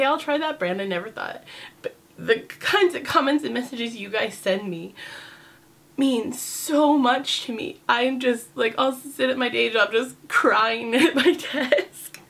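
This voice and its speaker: A woman's voice: a little high, vocal fry, a bit bright. A woman talking candidly to camera in a casual vlog, chatty and sassy, with lots of fillers. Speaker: vlogger.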